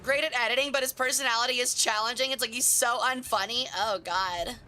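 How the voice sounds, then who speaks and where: A young woman streaming a tank game, chatting with viewers and swearing excitedly as she plays. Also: on the high side, brisk, slight background noise. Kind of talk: casual live gameplay commentary.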